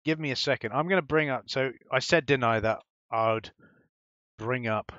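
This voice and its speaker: A man's voice: mid-range voice, normal speed, a bit bright, no echo. A man rambling casually through a let's-play commentary, swearing now and then. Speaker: gaming YouTuber. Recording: dull lo-fi mic, faint music behind.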